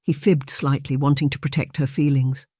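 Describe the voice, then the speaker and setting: A man narrating a novel in a measured, even reading. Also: mid-range voice, no echo, clean studio sound. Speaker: audiobook narrator. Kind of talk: scripted narration.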